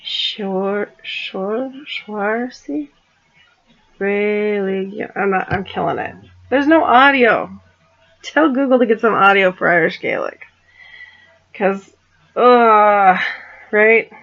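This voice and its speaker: A woman's voice: mid-range voice, slow, creaky, long pauses, fairly bright tone, muffled recording. A woman vlogger chatting casually, giggling and apologizing as she stumbles through foreign words. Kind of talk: casual chat.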